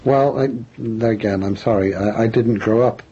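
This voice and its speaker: An older Englishman, an author appearing as a guest, answers interview questions reflectively and self-deprecatingly, often restarting his sentences. His lowish voice is mellow with a breathy edge and a moderate pace, heard on a dull lo-fi radio recording with faint noise.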